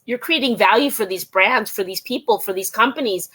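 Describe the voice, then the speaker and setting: A woman's voice: mid-range voice, a little fast, fairly bright tone, husky. A woman hosting an interview show who talks in an enthusiastic, rambling way, full of exclamations. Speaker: podcast host. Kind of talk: casual interview chat.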